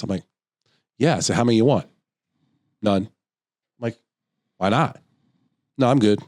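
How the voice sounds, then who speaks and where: This podcast co-host, a middle-aged man, speaks in a mid-range voice, recorded at studio quality with no echo. He's telling a long story in casual chat, animated throughout and performing other people's voices along the way.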